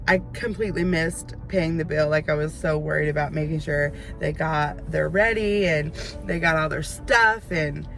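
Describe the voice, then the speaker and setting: A woman in her thirties, a vlogger, telling a story in an animated, ranting way with casual chat. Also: deep voice.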